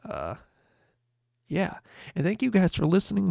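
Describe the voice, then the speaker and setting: Gravelly, rambling podcast host, a man. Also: sits high, lively intonation, normal speed, a little mellow, no echo, clean studio sound. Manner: rambling, upbeat, full of fillers and restarts. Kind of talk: casual late-night podcast chat.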